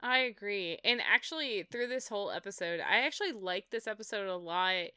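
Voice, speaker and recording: A woman co-hosting a podcast, chatting about a TV show in an animated, jokey, enthusiastic way. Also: mid-range voice, fairly quick, clear, resonant tone, no room sound, clean studio sound. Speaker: podcast co-host. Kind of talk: casual chat about a TV show.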